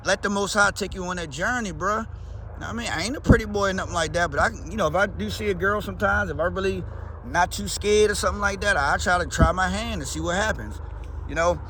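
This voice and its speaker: A man's voice: high-pitched, pushed and bright, a little hiss or hum. A man with a Baltimore accent, talking in a loose, slangy, rambling way as a vlogger. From Baltimore, USA. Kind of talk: casual rambling chat.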